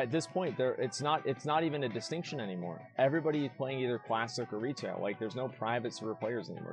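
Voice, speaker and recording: A man streaming, arguing his side in a heated casual debate and pressing his points with repeated words. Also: mid-range voice.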